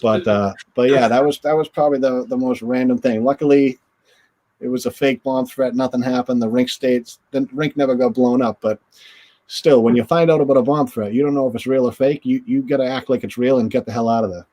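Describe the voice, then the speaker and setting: Rambling former goalie telling stories. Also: male voice, medium pitch, a little fast. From northern United States. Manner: rambling, animated storyteller acting out voices. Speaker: interview guest, former goaltender. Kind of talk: casual storytelling.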